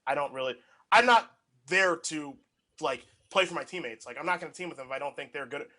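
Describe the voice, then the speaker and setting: A man's voice: fairly high pitch, lively intonation, fairly quick, pushed and bright. A young man co-hosting a casual chat, telling rambling anecdotes packed with filler words. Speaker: podcast co-host.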